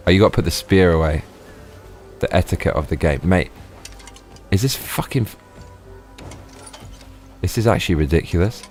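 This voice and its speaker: A man's voice: low-pitched, expressive, normal speed, pauses often, darkish tone, faint music behind. A man streaming a game live, chatting casually, swearing freely and laughing often. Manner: profane, exclamatory, laughs often.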